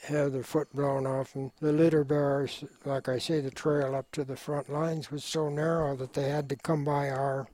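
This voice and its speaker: An older man, a war veteran, speaking in an oral history interview in a measured, reflective way with frequent pauses and fillers. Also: mid-range voice, flat delivery, a little mellow.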